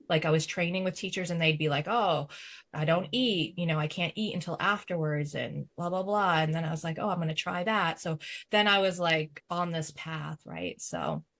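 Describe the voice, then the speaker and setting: A woman's voice: sits low, a bit bright. A woman medium on a podcast panel, chatting casually with lots of fillers and laughter. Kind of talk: casual chat.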